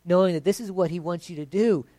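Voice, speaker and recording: A pastor preaching a conversational sermon that builds to emphatic points. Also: male voice, high-pitched, fast talker, warm tone, no echo.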